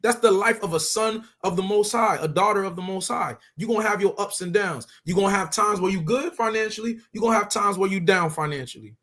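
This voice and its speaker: Emphatic high-voiced male teacher. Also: brisk, few pauses, fairly bright tone. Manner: emphatic, conversational, repeats for stress. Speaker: religious teacher. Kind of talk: street-style scripture teaching.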